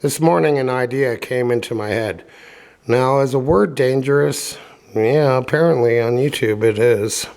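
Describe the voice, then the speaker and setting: A man reading a classic story aloud in an offhand, unpolished way, stopping for wry comments. His voice sits at an ordinary middle pitch, and he pauses on fillers as he goes. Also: gravelly, a little mellow. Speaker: reader and commentator. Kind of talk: casual book reading with commentary.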